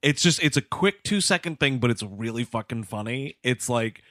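A man's voice: medium pitch, lively intonation, normal speed, fairly bright tone, no echo. A man co-hosting a comedy movie podcast, making dry jokey asides. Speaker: podcast co-host. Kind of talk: casual comedic movie discussion.

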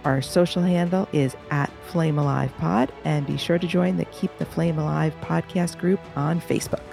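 Joking podcast cohost, gravelly voice, dry sound, faint music behind. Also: mid-range voice, steady tone, moderate pace, darkish tone. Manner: joking, playful. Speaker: podcast co-host. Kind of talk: casual podcast chat.

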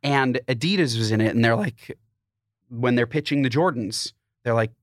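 A man co-hosting a podcast, chatting casually and joking with quick asides. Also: medium pitch, no echo, clean studio sound. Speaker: podcast co-host. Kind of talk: casual chat.

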